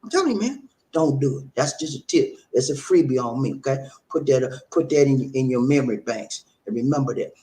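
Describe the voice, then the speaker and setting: Casting: a preachy man as a relationship-advice host, with a lively, swooping delivery. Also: medium pitch, fairly quick. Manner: preachy, repeats himself, talks straight to the audience. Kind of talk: casual advice broadcast.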